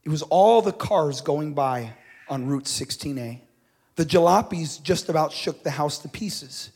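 Male reader as prairie shopkeeper's wife, eager, practical; slightly high, storybook telling. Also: measured pace, darkish tone, breathy edge. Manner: eager, practical, explaining an idea. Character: plainspoken prairie storekeeper's wife.

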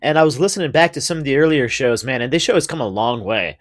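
A man's voice: medium pitch, expressive, fast. A man co-hosting a talk show, chatting in a laid-back way and laughing easily. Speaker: co-host. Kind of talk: casual chat.

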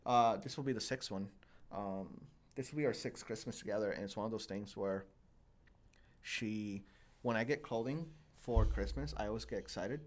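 A man's voice: lowish voice, moderate pace. Rambling, self-deprecating young man. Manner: rambling, self-deprecating storytelling with many fillers. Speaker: podcast host. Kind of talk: casual chat.

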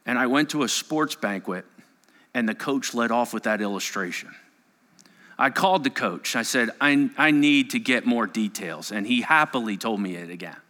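A male pastor preaching a sermon, telling a story that swings between hushed moments and raised, urgent passages. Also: medium pitch, moderate pace. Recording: long hall reverb.

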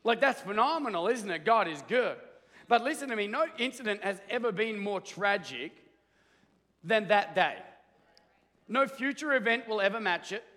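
Guy pastor telling a joke in his sermon, pretty high voice, laid-back, echoey church. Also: lively intonation, normal speed, sharp tone. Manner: casual, joking, conversational. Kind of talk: sermon with storytelling. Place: church hall.

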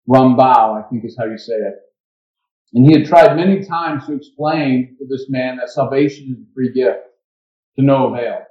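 A male pastor preaches earnestly, his voice sitting at a middle pitch. The sound is dull and lo-fi and rings around the church room, with mic problems audible. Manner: earnest storytelling and quiet invitation. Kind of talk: sermon. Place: church sanctuary. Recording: dull echoey church recording with mic issues.

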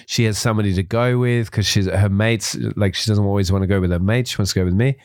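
A man's voice: lowish voice, steady tone, fast talker, darkish tone, no echo, studio quality. A young Australian man hosting a casual podcast chat, joking and laughing as he tells stories, now and then slipping into silly voices. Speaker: podcast host. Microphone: studio mic.

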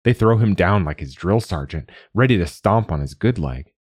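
A man hosting and narrating a short story in a calm, measured way. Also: deep voice, slightly rough, no room sound, clean studio sound. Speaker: host and narrator.

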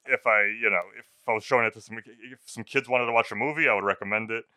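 A man in his thirties talks movies in a laid-back, profanity-laced chat. His voice sits a little low but rings very bright and crisp, with a dry, close sound. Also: steady tone, quick pace, no echo. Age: 30s. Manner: laid-back, swears freely, laughs often. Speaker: podcast co-host.

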